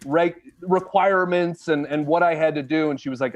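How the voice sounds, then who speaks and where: A man's voice: on the high side, normal speed, few pauses, highs cut off. A man, a stand-up comedian, telling a funny personal story in casual, jokey chat. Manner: animated, jokey, acts out voices of others.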